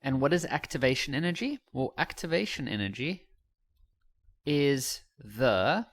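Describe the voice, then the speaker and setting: A man's voice: medium pitch, lively intonation, a little slow. Chatty, self-mocking male science teacher. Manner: joking, self-mocking, chatty, with many fillers and restarts. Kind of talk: casual explanatory lesson.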